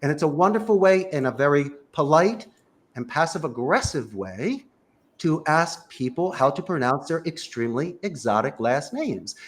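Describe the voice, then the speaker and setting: A man giving emphatic, punchy sales coaching in a panel conversation. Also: a little high. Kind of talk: energetic advice in a panel chat.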